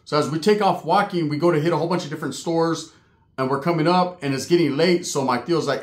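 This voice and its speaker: Profane, animated man telling a story. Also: on the high side, fast talker. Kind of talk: casual storytelling. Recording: echoey room.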